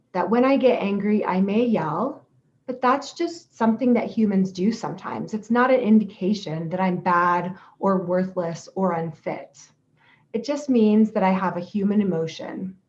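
A woman speaking in a gentle, reflective and steady way, giving a calm self-help talk about self-compassion. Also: medium pitch. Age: adult parent. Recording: slightly dull lo-fi audio.

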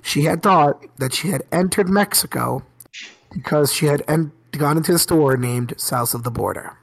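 A husky young man spins classroom stories in loose podcast banter. He gets animated, often laughs, and raises his voice to act out his students. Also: on the high side, normal speed. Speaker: middle school teacher. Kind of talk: casual podcast storytelling.

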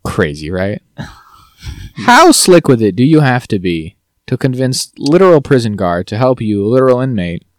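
A man co-hosting a podcast, rambling through a TV recap and slipping into quick mock quotes of the characters. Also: mid-range voice, sing-song, no echo, clean studio sound. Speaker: podcast co-host. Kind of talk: casual chat recapping TV.

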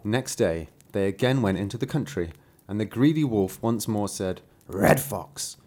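A man's voice: lowish voice, moderate pace, warm tone. A man casually reading a fairy tale aloud with playful asides. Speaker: storyteller.

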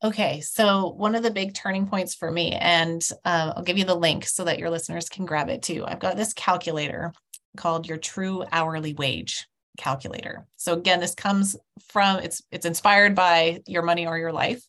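Middle-aged woman, interview guest: chatty, animated storyteller who laughs between points. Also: lowish voice, normal speed. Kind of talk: conversational interview.

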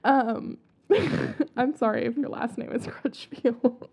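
A woman's voice: a little high, slow, a little mellow, breathy edge. A young woman hosting a casual podcast, chatty and giggly, swearing casually as she tells spooky stories. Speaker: podcast host. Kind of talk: casual chat about haunted places. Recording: dull lo-fi sound.

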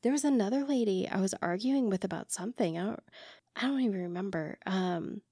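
Woman, casual chat host, animated storyteller who voices quotes; close, dry sound. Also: mid-range voice, a little fast, no echo. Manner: animated, acts out quoted lines.

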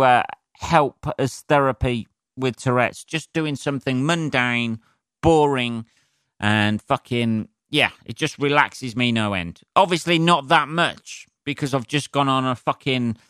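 A man rants alone into his podcast mic, swearing freely and laughing at his own temper. His voice is bright and forceful, recorded close and dry. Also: medium pitch, smooth, no room sound. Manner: sweary, ranting, self-mocking. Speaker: podcast host. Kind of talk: solo podcast rant.

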